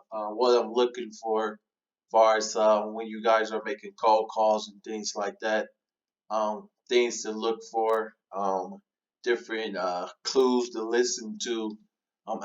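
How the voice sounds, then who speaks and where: A man giving a relaxed, casual walkthrough of a cold-call script, with many fillers as he coaches callers. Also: fairly low pitch, lo-fi sound. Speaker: real estate trainer.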